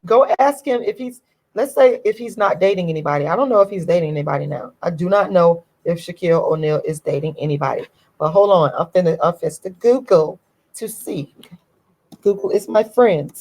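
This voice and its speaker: A woman's voice: on the low side, fairly quick, darkish tone, low-quality recording. A woman vlogger giving a ranting commentary to her viewers, emphatic and indignant, repeating her points over and over.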